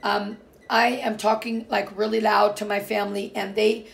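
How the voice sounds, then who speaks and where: Woman, middle-aged, from Portugal, heavy vocal fry, casual personal talk, rambling, emphatic. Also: mid-range voice, little pitch movement, moderate pace. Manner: rambling, emphatic, frequent fillers and restarts. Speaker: vlogger.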